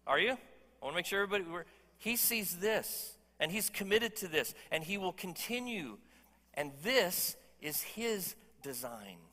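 Man, pastor, sermon, emphatic, conversational, somewhat high voice, big hall echo. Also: very animated, normal speed, bright, forceful tone. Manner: emphatic, conversational, jokes with the congregation. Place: church hall.

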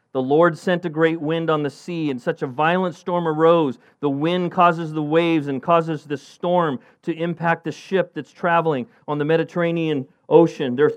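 A middle-aged man preaching a sermon as pastor, animated, acting out Bible characters in a raised voice. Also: no room sound. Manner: animated, acts out Bible characters with rising pitch.

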